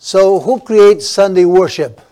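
Emphatic male preacher, slightly high voice. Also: warm tone. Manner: emphatic, drawn-out stresses, frequent restarts. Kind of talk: sermon.

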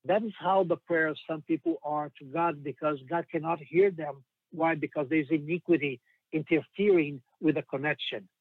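A man preaching a sermon in an earnest, emphatic way, slowing down when he quotes scripture. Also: on the high side, no room sound. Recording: tinny phone-like sound.

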